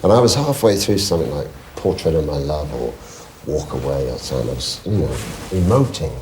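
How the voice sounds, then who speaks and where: A man's voice: a bass voice, brisk, noisy background. A middle-aged man, a guest singer telling anecdotes on a chat show, often laughing. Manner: lively storyteller, laughing often.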